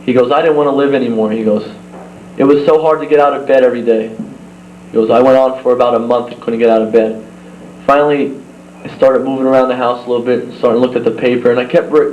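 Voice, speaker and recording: A young man speaks earnestly to a banquet crowd, often stopping and restarting his sentences. His voice carries through a roomy hall on a dull old videotape with a low hum behind it. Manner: earnest storytelling, halting restarts. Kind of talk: speech to a crowd.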